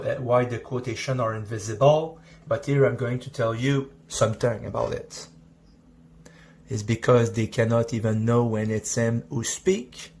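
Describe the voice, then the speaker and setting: A man explaining scripture in a preaching style, halting and restarting mid-sentence. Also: medium pitch, darkish tone, a little hiss or hum. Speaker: Bible teacher on a video clip.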